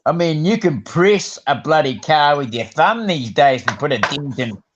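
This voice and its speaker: A man's voice: a little high, animated, moderate pace, noisy background. A man, chatting casually on a livestream and swearing freely with slang. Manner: swears freely, uses slang like "bloody" and "crikey". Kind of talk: casual chat. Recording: muffled livestream audio.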